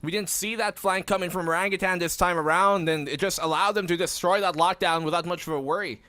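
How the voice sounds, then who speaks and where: A man's voice: sits high, fairly even intonation, fast talker, bright, forceful tone, dry recording. A man casting an esports match, breaking down the plays as they happen. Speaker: esports caster. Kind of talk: esports commentary.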